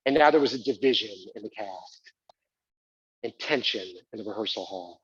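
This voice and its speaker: A man's voice: on the low side, normal speed, fairly bright tone, breathy edge, no room sound, lo-fi sound. Hesitant man telling a stage monologue. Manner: hesitant, lots of fillers. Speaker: solo stage performer.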